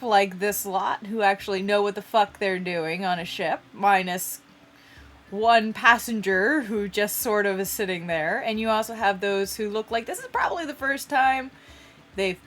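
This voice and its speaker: A woman's voice: medium pitch, fairly bright tone. A woman narrating as game master of a tabletop game, casual and swearing freely.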